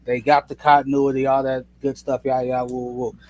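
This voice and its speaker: A man's voice: medium pitch, little pitch movement, fast, darkish tone. A man co-hosting a sports podcast, talking in slangy, sarcastic banter with stammering restarts. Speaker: podcast co-host. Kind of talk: casual sports talk.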